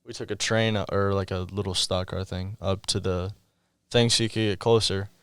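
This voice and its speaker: A man's voice: deep voice, fairly even intonation, normal speed, fairly bright tone, clean tone, no room sound. A young man chatting casually on a podcast, telling rambling, enthusiastic stories. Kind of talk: casual chat.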